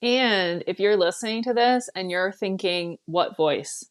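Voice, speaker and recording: A woman's voice: medium pitch, moderate pace, clear, resonant tone. A woman parent coach in a casual podcast conversation, talking in a reassuring, conversational way.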